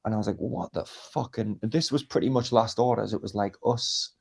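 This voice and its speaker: A young man with a lowish, gravelly, husky voice talks a little fast as he casually tells a rowdy anecdote. He swears a lot and acts out the quotes in this storytelling chat.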